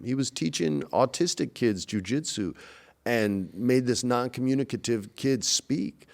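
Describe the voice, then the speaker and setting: A man in his forties, a guest in a casual interview, telling animated stories and acting out the people in them. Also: medium pitch, a little slow. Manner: animated storyteller, acts out quoted voices.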